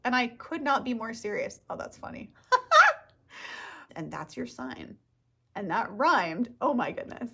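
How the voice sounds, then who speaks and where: A woman's voice: fairly high pitch, sing-song, normal speed, a bit bright, husky. A woman talking to camera in a casual rambling monologue as a self-help vlogger, tripping over her words, losing her train of thought and giggling.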